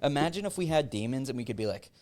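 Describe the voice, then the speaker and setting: A man's voice: medium pitch, expressive, a little mellow. A young man hosting a casual podcast, reading passages aloud and joking between them. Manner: reads passages aloud with quick asides and laughs. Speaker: podcast host.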